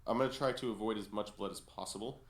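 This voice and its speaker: A man's voice: on the low side, quick pace. A man playing a tabletop game, laid-back and casual. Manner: laid-back, repeats himself. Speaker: player. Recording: roomy with faint noise.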